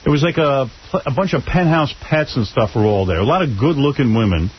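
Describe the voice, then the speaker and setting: A man's voice: medium pitch, expressive, a little fast. A man hosting a radio talk show, joking and asking his guests prodding questions. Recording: dull lo-fi radio broadcast with faint hiss.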